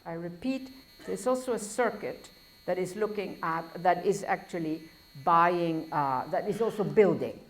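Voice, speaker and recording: A woman's voice: fairly low pitch, a little slow. Woman, foreign accent, university lecturer, discursive, wry asides, self-correcting. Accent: foreign accent in English. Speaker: professor.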